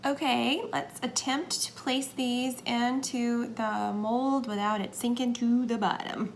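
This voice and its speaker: A woman's voice: on the high side, steady tone, takes it slowly. Chatty woman making soap. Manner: chatty, hesitant, drops into whispers while working. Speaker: soap maker. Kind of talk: casual how-to narration. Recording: faint background noise.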